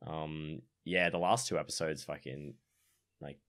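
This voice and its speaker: A man's voice: very deep voice, steady tone, measured pace, a bit bright. A man co-hosting a casual gaming podcast in a laid-back way, swearing casually. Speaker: podcast co-host.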